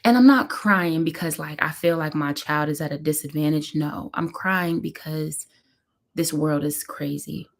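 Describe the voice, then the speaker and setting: A woman's voice: deep voice, a little slow, gravelly. A woman, a mother and vlogger, talking candidly and emotionally at home on a casual live stream, rambling with lots of fillers.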